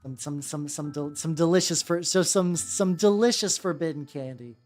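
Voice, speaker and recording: A woman's voice: low voice, moderate pace, darkish tone. Rambling woman streamer, chatty and casual. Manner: rambling, stammers and repeats words, swears freely. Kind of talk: casual chat while painting miniatures. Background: faint background music.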